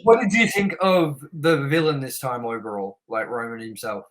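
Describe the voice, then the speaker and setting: A young man co-hosting a casual film review podcast, blunt and animated as he reads out trivia. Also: medium pitch, normal speed, poor audio. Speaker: podcast co-host.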